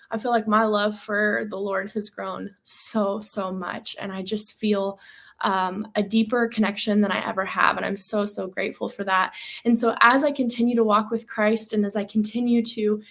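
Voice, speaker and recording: A woman's voice: mid-range voice, fairly bright tone. A young woman hosting a faith podcast, telling a personal story in an earnest, slightly nervous way with frequent ums. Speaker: podcast host.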